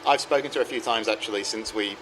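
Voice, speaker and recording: A man's voice: fairly low pitch, fast, background noise. A man co-hosting a casual roundtable chat, easygoing and rambling with many ums. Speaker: podcast co-host.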